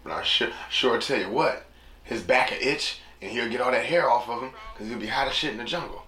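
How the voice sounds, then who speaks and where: A man's voice: mid-range voice, brisk. Male host, casual slangy monologue, echoey noisy room. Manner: slangy, rambling, acts out quotes. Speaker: podcast host. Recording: echoey room with steady noise.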